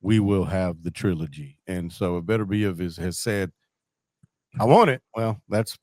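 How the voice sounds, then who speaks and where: A man's voice: sits low, moderate pace, no echo. Dry-sounding man hosting a casual sports chat. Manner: animated storyteller, laughs often. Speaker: podcast host.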